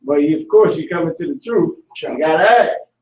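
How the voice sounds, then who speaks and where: A man teaching a live online language class, talking casually with slang and repeating words slowly to drill pronunciation. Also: a little high, a little mellow. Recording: echoey room, far from the mic.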